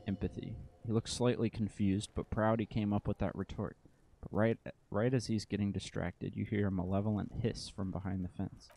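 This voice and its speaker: Low mellow man reading game text. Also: level tone, moderate pace. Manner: casual, mutters asides between read lines. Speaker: let's play narrator. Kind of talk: reading game text aloud while playing.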